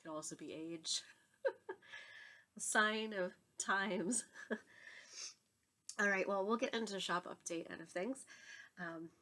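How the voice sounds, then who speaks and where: A woman's voice: fairly low pitch, takes it slowly, pauses often, pushed and bright. Congested, nasal woman chatting casually. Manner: chatty, laughs often, apologetic. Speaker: knitting podcast host and yarn dyer. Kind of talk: casual chat to camera. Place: home room with yarn shelves behind.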